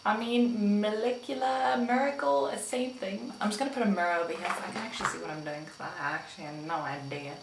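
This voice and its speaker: A woman's voice: mid-range voice, a little fast, creaky, few pauses. A young woman from South Africa doing a casual makeup tutorial vlog, chatty and playful, joking with herself and her viewers. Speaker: beauty vlogger. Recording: echoey room with faint background noise.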